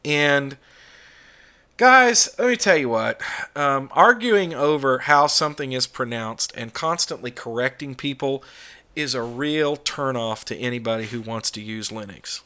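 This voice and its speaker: A middle-aged American man speaks in a bright, pushing voice, laying out blunt opinions in a casual solo vlog. He swears freely and talks straight to the camera. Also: mid-range voice, measured pace. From United States. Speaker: YouTube channel host.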